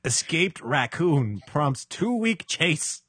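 Guy cohosting a chat podcast, jokey, kinda husky, dry close mic. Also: a little high, very animated, takes it slowly, a bit bright, dry recording. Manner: jokey, reads headlines aloud. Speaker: podcast co-host. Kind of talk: casual chat.

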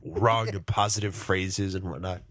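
A man's voice: sits low, steady tone, moderate pace, a bit bright, dry recording. Laid-back male podcast co-host, dry sound. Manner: laid-back, reads news stories aloud. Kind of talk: casual chat.

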